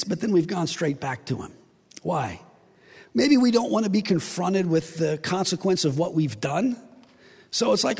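High gravelly guy preaching, swoops all over, husky, big reverb hall. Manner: animated, acts out voices of God and listeners. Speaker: pastor. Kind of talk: sermon. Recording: long reverb of a large hall.

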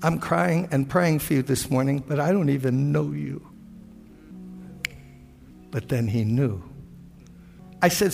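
A man's voice: on the high side, slow, creaky, long pauses, darkish tone, long reverb tail, faint music behind. An older man, a pastor, preaching a sermon with earnest storytelling, quoting prayers and conversations.

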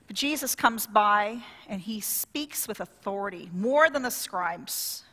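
A woman pastor preaching a sermon in a lively, conversational way, drawing call-and-response from the congregation. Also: medium pitch, measured pace, big-room sound.

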